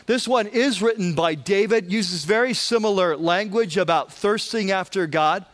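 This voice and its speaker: A man's voice: sits high, normal speed. A man preaching a sermon in a loose, conversational way, with frequent restarts and asides to the congregation. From Southern California. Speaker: pastor.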